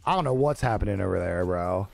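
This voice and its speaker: A man's voice: deep voice, lively intonation, quick pace, gravelly, darkish tone. A young man on a live stream chatting casually with viewers, laid-back and joking, swearing freely and laughing often. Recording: dry close-mic with faint music behind.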